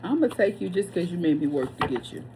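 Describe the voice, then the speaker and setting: A woman's voice: on the low side, very animated, quick pace, very noisy. A woman giving a casual tarot reading, chatty and blunt, swearing freely and wandering off on tangents. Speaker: tarot reader.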